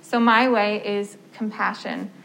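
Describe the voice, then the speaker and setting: A woman's voice: mid-range voice, measured pace, creaky, a bit bright, poor audio. Chatty storytelling woman music therapist. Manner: storytelling with quoted dialogue, frequent um and like. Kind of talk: informal talk to fellow music therapists.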